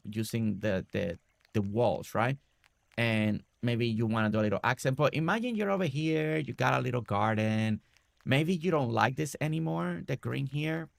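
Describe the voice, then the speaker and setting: A young man hosts a casual game livestream, his mid-pitched voice carrying a gravelly edge. He rambles excitedly, restarting sentences as ideas come. The sound is close and dry. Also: no room sound. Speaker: streamer.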